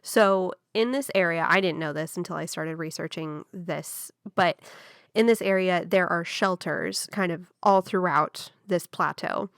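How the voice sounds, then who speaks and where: A woman's voice: on the low side, a little slow, a bit bright, clear, resonant tone, no echo, studio quality. A young woman casually telling a true story on a podcast, chatty and full of fillers.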